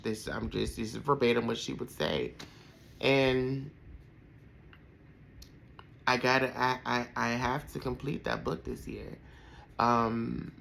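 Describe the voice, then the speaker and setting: A man's voice: mid-range voice, gravelly, a bit bright, a little hiss or hum, rough recording. A man in his thirties hosting a podcast, telling a heartfelt personal story in a rambling way with many fillers. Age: 30s. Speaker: podcast host.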